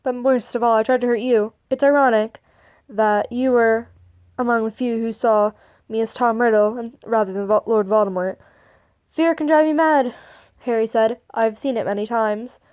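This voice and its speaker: Woman with a high voice reading fan stories aloud, trips over lines, restarts. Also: steady tone, normal speed, a little mellow, clear, resonant tone. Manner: stumbling over words, restarting and laughing at the text. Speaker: fan fiction reader.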